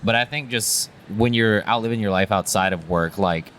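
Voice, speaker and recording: Low-voiced, laid-back male host. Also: moderate pace, a bit bright. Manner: laid-back and agreeable, short affirmations. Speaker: podcast host and comedian. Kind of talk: casual podcast conversation.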